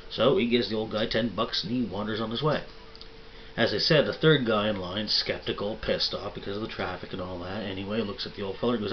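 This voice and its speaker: A man's voice: lowish voice, fast, dull audio, slight background noise. A man casually telling dirty jokes in a rambling, folksy way, swearing freely. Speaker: vlog host telling jokes.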